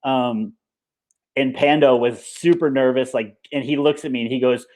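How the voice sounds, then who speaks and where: A male coach speaking in a relaxed, conversational way. He acts out remembered exchanges by quoting what people said. His voice sits at a middle pitch. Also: a little fast. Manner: relaxed, conversational, retells moments with quoted dialogue. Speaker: coach and former pro player. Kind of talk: casual interview.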